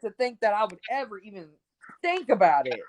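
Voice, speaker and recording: A young woman in casual chat, telling animated stories and acting out what people said. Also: medium pitch, fairly quick, slight background noise, poor audio. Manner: animated, acts out quotes. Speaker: podcast co-host.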